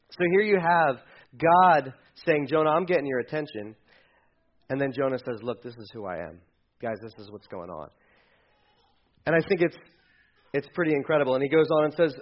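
A pastor preaching a sermon with animated storytelling, acting out the quoted lines himself. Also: male voice, sits high, dull audio.

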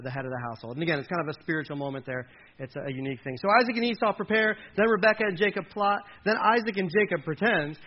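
A man preaching a sermon, reading scripture aloud with dramatic emphasis and breaking in with side comments. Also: on the high side. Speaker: pastor. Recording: muffled lo-fi recording.

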